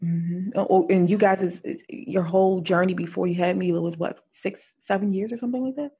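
A woman's voice: fairly low pitch, steady tone, fairly quick, mellow, slightly rough. A woman hosting a casual interview, asking questions and giving supportive murmurs. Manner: supportive, with frequent affirming murmurs. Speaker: podcast host.

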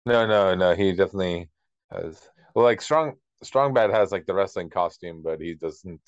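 A deep-voiced man co-hosting a podcast, chatty and quick to laugh. His audio sounds dry and somewhat muffled, as if on a lo-fi mic in a dead room. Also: dry recording. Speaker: podcast co-host. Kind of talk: casual chat.

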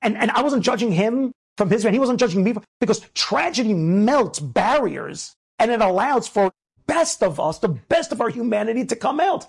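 Gravelly-voiced rabbi giving a rousing talk. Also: male voice, very high voice, normal speed. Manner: animated storytelling, rising to emphatic exhortation. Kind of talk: inspirational talk.

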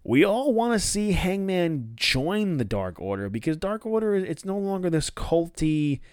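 A man hosts a casual solo review, rambling with restarts and offhand swearing. His voice is smooth and resonant. The recording is dry and close. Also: sits high, sing-song, a little slow, darkish tone, dry recording. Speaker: wrestling podcast host.

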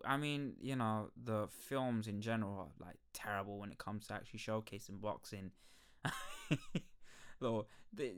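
A young man hosting a podcast, rambling through a casual review with profane, animated rants and frequent laughter. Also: medium pitch, clean tone. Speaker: podcast host.

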